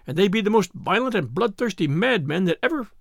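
A man's voice: sits high, very animated, a little fast, vocal fry, dry recording, studio quality, full character voice. A man voicing a humble peasant who pleads deferentially with a lord, as a character in an audiobook. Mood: pleading.

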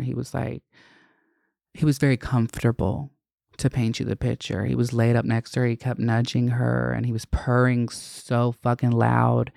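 A woman's voice: a bass voice, vocal fry, warm tone, dry recording, studio quality. A woman hosting a podcast in casual chat, rambling and swearing, with lots of "like" and "you know". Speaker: podcast host.

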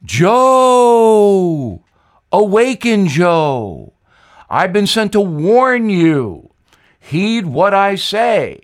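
A man's voice: big pitch swings, very slow, heavily acted. A man voicing the scolding ghost of an older former president with a Southern accent. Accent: American Southern. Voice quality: booming, scolding.

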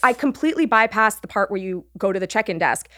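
A woman's voice: medium pitch, lively intonation, fast talker, a bit bright. A woman in her forties, co-hosting a podcast, chatting casually and acting out a funny story, playing the other people's lines with big jumps in her voice. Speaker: podcast co-host. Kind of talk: casual chat, animated storytelling.

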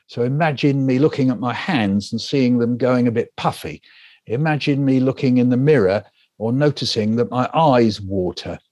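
Older male storyteller, animated, plays the other people's voices, dry studio mic. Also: mid-range voice, no room sound. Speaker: guest author. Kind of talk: storytelling interview answer.

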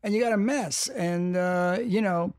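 An older man, a music executive, in a casual interview, talking in halting bursts that repeat words. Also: high voice, a little mellow.

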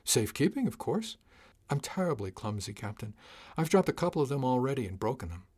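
A man's voice: medium pitch, sing-song, brisk, darkish tone, breathy edge. A man voicing a cheerfully oblivious, clumsy male cargo chief who answers in a mild, breezy, blithely reasonable way.

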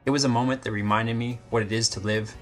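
A man reading a scripted first-person story, measured and literary, with short terse sentences. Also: mid-range voice, steady tone, faint music behind. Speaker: story narrator. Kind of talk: scripted dramatic narration.

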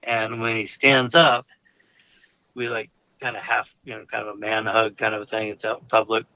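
A man with a lowish voice talks at normal speed with a flat delivery, recorded with no room sound but a narrow, tinny quality. He rambles hesitantly through a personal confession, with fillers, restarts and nervous laughter along the way.

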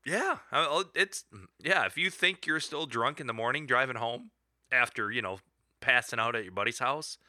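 A man's voice: mid-range voice, moderate pace, bright, forceful tone, dry recording, clean studio sound. A man co-hosting a podcast in casual chat, telling stories with jokes and frequent laughs. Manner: laughs often, jokey storytelling. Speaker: podcast co-host.

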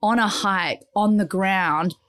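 Slow and smooth, this mid-range female podcast host narrates a story in a relaxed conversational way. She brings it to life animatedly, performing the quoted voices of each character.

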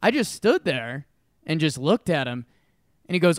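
A young man co-hosting a sports talk show, telling animated stories in casual chat and swearing freely. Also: a little high, a little fast, no room sound, studio quality. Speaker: sports podcast co-host.

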